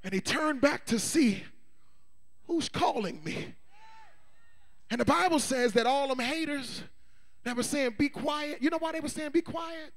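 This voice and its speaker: A male pastor preaching a sermon, swinging between shouts and hushed asides and calling on the congregation to respond. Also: very high voice, measured pace, long pauses. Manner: call-and-response prompts to the congregation.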